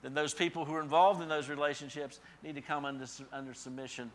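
A male pastor giving a sermon, building to loud emphatic peaks and dropping to soft, quiet endings. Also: on the high side, fairly even intonation, quick pace.

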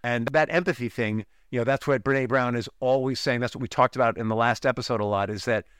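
A man's voice: mid-range voice, fast, fairly bright tone, clear, resonant tone, dry recording. Dry, close-miked male podcast host. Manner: conversational, often checks in with "right?". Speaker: podcast host and relationship coach. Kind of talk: podcast monologue with personal stories.

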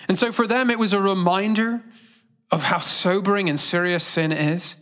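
High-voiced male pastor preaching. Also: fairly even intonation, moderate pace, sharp tone. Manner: earnest preaching that engages the congregation with direct questions. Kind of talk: sermon.

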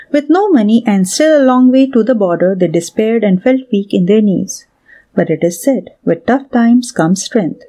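A woman narrating a scripted story in a measured, steady reading. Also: medium pitch.

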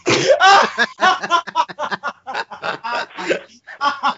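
A man's voice: very high voice, expressive, drawn-out words, bright, forceful tone, dry recording, muffled recording, exaggerated voice. A man voicing a stern male wrestler with a thick German accent, speaking in a clipped, menacing way.

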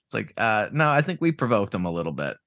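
A man with a fairly low voice rants in casual podcast chat, swearing freely and leaning on sarcasm. The sound is dry and close, with no room around it. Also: sing-song, fast, fairly bright tone, no echo. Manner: profane, ranting, sarcastic.

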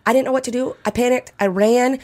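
A woman in her thirties, a podcast guest, telling a story in casual chat, animated and laughing as she acts out scenes. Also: on the high side, fast.

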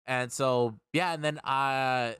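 A man's voice: medium pitch, fairly even intonation, slow pace, a bit bright, clean tone, dry recording. Rambling, profane young man telling a story. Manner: rambling, profane, repeats words when worked up. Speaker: streamer and podcast host. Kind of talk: casual storytelling chat.

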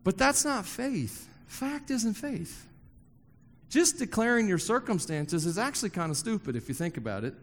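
A man's voice: sits high, big pitch swings, moderate pace, long reverb tail. A man preaching a sermon to a congregation, joking with the crowd and emphatically repeating key phrases. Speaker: pastor. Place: church hall before a congregation.

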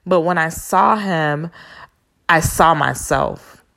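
A woman with a low, deep-set voice talks through a personal story as a podcast host. Her speech has a gravelly, fried edge, and her delivery is candid and blunt, with cursing and slangy asides. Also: takes it slowly, fairly bright tone. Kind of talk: casual storytelling monologue.

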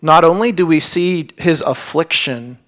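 Male pastor, higher voice, earnest sermon delivery with hushed drops. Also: a little slow. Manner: earnest, repeats words when stressing points; drops to a hushed near-whisper on key lines.

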